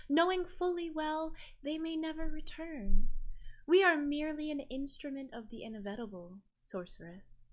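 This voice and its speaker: Sweet-voiced sinister sisterhood leader, higher pitched, honeyed menace, put on by a woman. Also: a bit bright. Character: serene sinister woman leading an island sisterhood.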